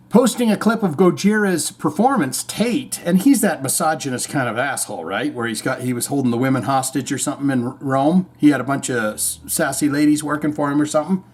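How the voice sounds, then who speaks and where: A man's voice: fairly high pitch, animated, moderate pace, a little mellow. Rambling, irreverent male podcast host. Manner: rambling, irreverent, swears freely. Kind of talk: casual news commentary.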